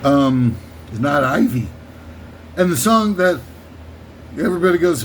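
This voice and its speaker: A man's voice: fairly high pitch, sing-song, unhurried, long pauses, slight background noise. A man hosting a comedy countdown, rambling irreverently and swearing in a casual comic rant. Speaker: comedy list show host.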